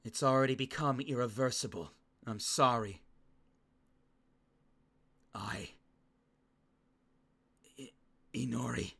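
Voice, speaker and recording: A man's voice: mid-range voice, slow pace, gravelly, pauses often, a bit bright, breathy edge, exaggerated voice. Man reading as a remorseful young culprit. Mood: regretful. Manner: reading game dialogue aloud, apologetic.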